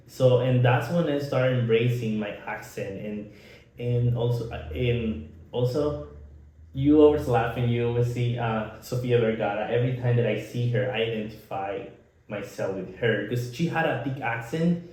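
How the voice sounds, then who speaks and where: A man's voice: mid-range voice, moderate pace, warm tone. A man from Nicaragua with a Nicaraguan Spanish accent, Spanish his first language, chatting earnestly as podcast co-host and laughing often. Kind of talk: casual chat. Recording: very echoey room.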